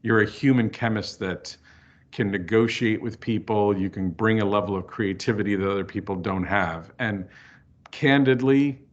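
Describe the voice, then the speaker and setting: A man's voice: lowish voice, moderate pace. A man, a filmmaker and author being interviewed, talking candidly and telling stories. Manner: candid, storytelling, lively asides. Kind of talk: casual interview chat. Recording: dull lo-fi audio.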